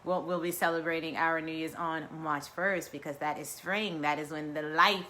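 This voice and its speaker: Bright, lively woman leading breathing. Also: low-pitched, moderate pace, a little hiss or hum. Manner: lively, playful, drawls and chuckles. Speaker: wellness vlogger. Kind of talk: guided breathing and casual chat.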